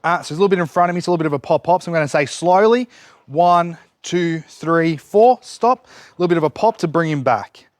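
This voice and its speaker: A man's voice: on the high side, quick pace, no room sound, clean studio sound. A man demonstrating dog training outdoors, explaining each step while giving his dog short cues and praise. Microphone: camera set up nearby.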